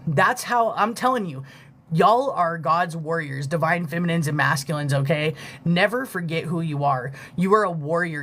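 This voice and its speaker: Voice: medium pitch, fairly bright tone. A live-stream spiritual reader speaking casually and from the heart, swearing freely, leaning on fillers, and stopping to thank viewers. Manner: thanks viewers for gifts mid-reading.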